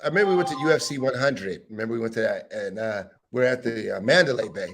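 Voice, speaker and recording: Young guy talking mma picks, mid pitch, quick banter, swears a bit. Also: lively intonation, creaky, a bit bright. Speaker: podcast co-host. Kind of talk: casual sports chat.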